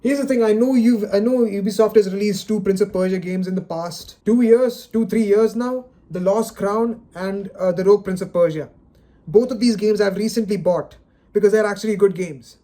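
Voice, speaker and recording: A video creator with a high, dark-toned voice rants unscripted on camera at a moderate pace. Exasperated, dejected and frustrated, he sighs and stammers, tripping over repeated words in this solo rant.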